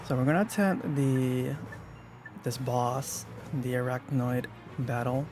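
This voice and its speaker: A man giving casual let's-play commentary, thinking aloud in a relaxed way with restarts. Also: medium pitch, slow pace. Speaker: gameplay commentator. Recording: game music and sound effects behind.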